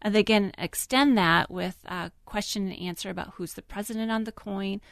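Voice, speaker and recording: A woman's voice: mid-range voice, steady tone, moderate pace, dry recording, studio quality. A woman kindergarten teacher explaining her classroom in an earnest, careful way during a radio interview.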